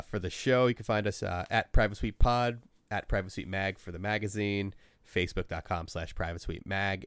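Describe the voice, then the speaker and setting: Deep-voiced laid-back man hosting a podcast. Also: clean tone, dry recording. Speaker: podcast host. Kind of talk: casual podcast chat.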